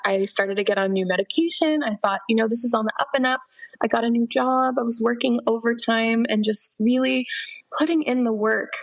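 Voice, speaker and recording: A woman's voice: mid-range voice, gravelly, no room sound. A young woman guest on a podcast, earnestly telling her personal faith testimony, quoting herself and laughing through hard memories.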